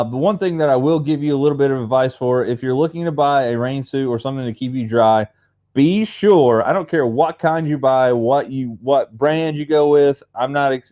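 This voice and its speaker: Brief A young Appalachian-accented man hosting a livestream. He talks in a loose, rambling, chatty way and calls out to viewers by name. His voice sits at an ordinary middle pitch. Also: a little mellow. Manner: rambling and chatty, reads viewer comments aloud. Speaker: livestream host. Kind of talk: casual live chat.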